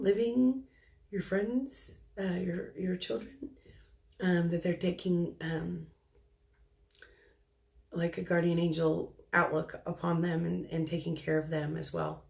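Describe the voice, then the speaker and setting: This woman, a middle-aged medium, relays what the spirits tell her in a quiet, hesitant manner, often stopping and starting over. She has a somewhat low voice with vocal fry.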